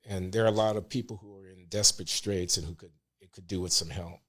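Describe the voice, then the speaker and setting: An older man as a podcast guest, speaking earnestly and in measured terms. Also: sits low, steady tone. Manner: earnest, measured, grows emotional. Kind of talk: casual podcast interview.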